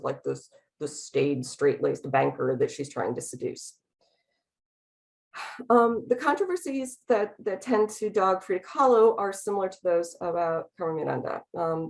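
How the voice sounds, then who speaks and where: A woman lecturing to a room about pictures on slides. Her voice sits a little low, and she talks fast, stopping and restarting her sentences with frequent ums. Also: darkish tone, low-quality recording. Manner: hesitant, many ums and restarts; speaks fast. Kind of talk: academic talk with slides.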